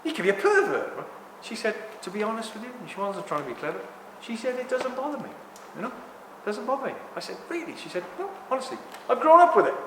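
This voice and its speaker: A man in his sixties talking to a live audience in a rambling, animated way, often apologizing for ranting. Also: high-pitched, quick pace, hardly any pauses, background noise. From England. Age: 60s. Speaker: speaker at a talk. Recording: echoey hall with long reverb.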